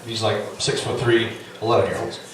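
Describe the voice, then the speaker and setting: A middle-aged man doing stand-up storytelling, animated and profane, with loud yelling bursts. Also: on the low side, brisk, crowd noise. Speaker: stand-up comedian. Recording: echoey club, distant mic, audience. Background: audience laughter.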